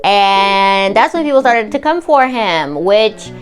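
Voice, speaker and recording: A woman's voice: mid-range voice, expressive, takes it slowly, faint music behind. A woman hosting a reaction vlog, talking in a heated, indignant and sarcastic way. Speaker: reaction channel host. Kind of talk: angry commentary vlog.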